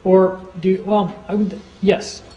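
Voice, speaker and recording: A man giving an informal seminar talk to a small group, chatty, acting out courtroom exchanges in quick quoted voices. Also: sits high, little pitch movement, dark tone, dull audio, a little hiss or hum. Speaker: seminar speaker.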